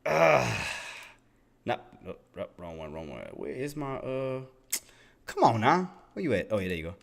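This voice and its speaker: At a moderate pace and in a lowish voice, a man narrates his day trading on a live stream, casual and excitable, laughing with his chat and muttering while he searches his screen.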